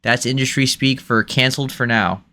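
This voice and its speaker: A man hosting a casual gaming podcast, running through the news in a relaxed, lightly joking way. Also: mid-range voice, normal speed. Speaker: podcast host.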